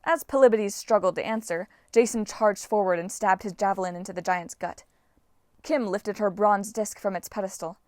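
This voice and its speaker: A woman narrates a novel aloud in a steady storytelling voice. Her pitch sits in a middle range, and the recording is dry and close with no room echo. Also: normal speed. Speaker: audiobook reader. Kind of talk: fan audiobook narration.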